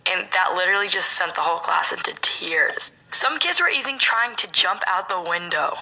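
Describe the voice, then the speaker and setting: A woman telling a personal story in a hushed, often half-whispered, dramatic way. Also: medium pitch, big pitch swings, normal speed, poor audio. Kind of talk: storytime narration.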